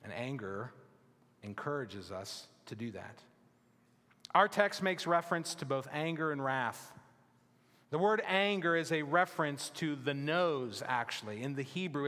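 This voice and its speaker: Pastor guy preaching slow and bright, long church echo behind him. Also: a little high. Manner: emphatic preaching with slow deliberate phrasing and falling, hushed endings. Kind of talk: sermon. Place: church sanctuary.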